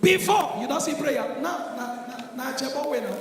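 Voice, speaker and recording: A man with a Nigerian accent doing live stand-up comedy, telling stories loudly and with energy in Pidgin. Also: very high-pitched, normal speed. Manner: loud, animated storytelling in Pidgin. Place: large venue stage before an audience. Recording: echoey hall with crowd noise.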